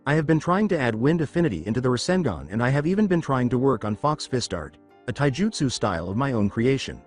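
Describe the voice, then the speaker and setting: A man voices a brash young boy ninja in a fan storybook telling. The lines are read plainly, with the pitch moving freely up and down. Faint music plays underneath. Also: sing-song, fast talker. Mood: determined.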